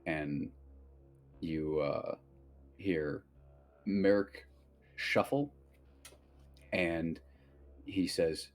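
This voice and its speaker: Very deep-voiced game master. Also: male voice, drawn-out words, long pauses. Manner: relaxed, loose narration with many fillers. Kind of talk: narrating a tabletop game.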